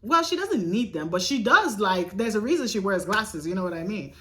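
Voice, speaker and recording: A woman's voice: mid-range voice, a little fast, slight background noise. A young woman vlogger telling a dramatic personal story in a casual, emphatic way, swearing freely. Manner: animated, profane, emphatic retelling.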